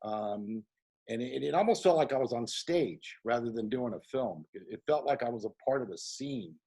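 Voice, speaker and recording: A man who is a guest actor on a video call, telling an anecdote in a casual, animated way. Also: mid-range voice, normal speed. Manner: animated storyteller, acts out quoted voices.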